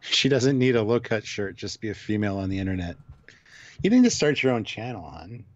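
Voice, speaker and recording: Low-voiced man reading viewer messages. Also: a little fast, no room sound, dull audio. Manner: relaxed, reads out viewer donations. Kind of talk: casual live-stream chat.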